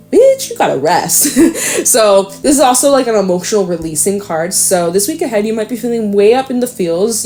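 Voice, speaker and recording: A woman's voice: fairly low pitch, warm tone. A woman casually reading tarot cards, chatty and rambling, swearing freely and laughing often. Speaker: tarot reader.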